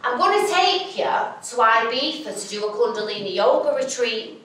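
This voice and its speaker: A woman's voice: fairly high pitch, big pitch swings, moderate pace, a bit bright, a little hiss or hum. A woman voicing her upbeat female friend, who is cheerfully persuasive. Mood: encouraging. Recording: echoey theatre from a distance.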